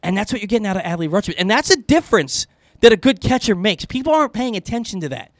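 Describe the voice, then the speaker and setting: A man with a high voice talks sports on the radio in a lively, excitable rush, stumbling and repeating words as he goes. The studio sound is close and dry. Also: quick pace, dry recording. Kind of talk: casual sports talk.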